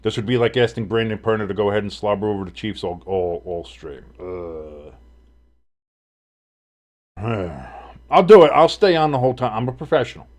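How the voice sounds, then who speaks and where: A man's voice: lowish voice, fast talker, hardly any pauses. A man hosting a casual live sports stream, calling plays and reacting in a blunt, profane, rambling way.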